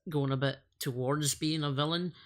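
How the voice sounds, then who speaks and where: A man's voice: a little high, fairly even intonation, moderate pace. A man chatting casually about a film on a podcast, enthusiastic, laughing often and swearing in passing. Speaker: podcast co-host. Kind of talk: casual movie review chat.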